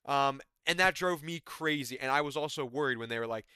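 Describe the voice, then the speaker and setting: Bright, crisp-voiced man recapping fights. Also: mid-range voice, fairly quick, no echo, clean studio sound. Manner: rambling, profane, exasperated. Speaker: MMA commentary YouTuber.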